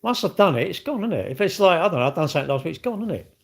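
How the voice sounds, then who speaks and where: Chatty British man with a lively voice. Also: on the high side, rapid-fire, vocal fry, slightly rough. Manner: rambling, blunt, slangy. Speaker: livestreamer answering chat. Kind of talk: casual chat.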